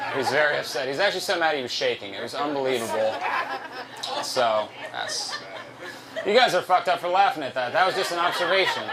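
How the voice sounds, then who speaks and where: A man's voice: on the high side, background noise. A man doing a stand-up comedy set at a live venue, loose, profane and self-mocking, on a handheld stage mic.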